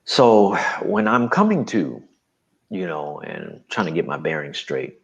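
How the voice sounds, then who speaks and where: Casting note: a low-pitched man from New Jersey, lively and emphatic, on a dull lo-fi track. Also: unhurried. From New Jersey, USA. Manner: animated, emphatic storytelling. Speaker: guest. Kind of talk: personal testimony in an interview.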